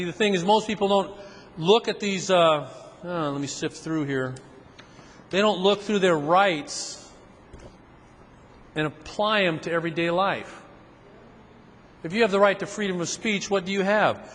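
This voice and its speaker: A man giving a seminar talk, telling stories in an animated way and acting out other people's voices. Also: sits high, slight background noise. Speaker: seminar speaker. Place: seminar room. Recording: reverberant hall with faint ambience.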